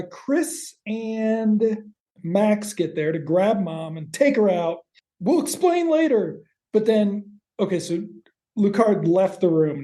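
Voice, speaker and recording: A man co-hosting a podcast, casually recapping a TV episode in rambling, quick asides with the odd swear word. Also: high voice, mellow. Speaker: podcast co-host.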